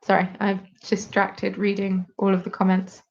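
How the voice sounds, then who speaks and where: British girl in her 20s rambling on a live stream, joking at her own expense, kinda muffled audio, mid-pitched voice. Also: completely flat delivery, normal speed. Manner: chatty and self-deprecating, reacting to viewer comments. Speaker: host of a live craft stream. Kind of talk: casual live-stream chat.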